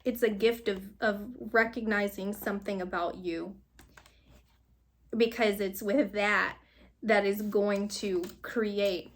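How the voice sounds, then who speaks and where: A woman's voice: mid-range voice, fairly even intonation, takes it slowly. A woman giving a casual tarot card reading, rambling and encouraging, and often breaking into laughter. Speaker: tarot reader.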